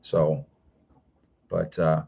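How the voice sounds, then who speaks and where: A man's voice: very deep voice, level tone, extremely slow, vocal fry, warm tone, slightly rough, muffled recording. A middle-aged man hosting a prepper channel, telling a story casually and rambling with lots of filler words. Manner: rambling, many "you know" fillers.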